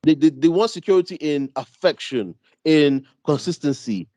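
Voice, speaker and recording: A man with a British accent telling a casual story on a podcast, animated, laughing, full of street slang. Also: on the high side, normal speed, no echo. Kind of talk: casual chat.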